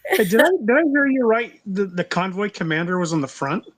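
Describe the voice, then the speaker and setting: A woman's voice: medium pitch, lively intonation, a little fast, crowd noise. A woman co-host chiming in with brief, amused questions. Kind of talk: casual chat.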